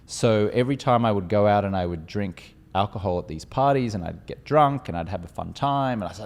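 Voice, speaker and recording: Australian man with a low voice. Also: fairly quick, creaky, few pauses, big-room sound. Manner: animated, acts out quotes with voices. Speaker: guest. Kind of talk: interview storytelling.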